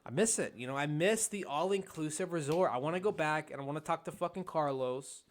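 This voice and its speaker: A man's voice: a little high, a little fast. A young man co-hosting a casual podcast, rambling and swearing, often repeating himself as he goes. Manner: rowdy, profane, rambling with repeated restarts. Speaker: podcast co-host. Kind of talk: casual chat.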